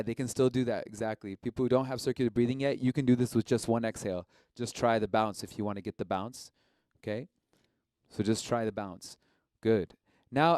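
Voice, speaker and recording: A man teaching a live-streamed didgeridoo lesson, relaxed and encouraging, often checking in with his listeners. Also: medium pitch, no echo.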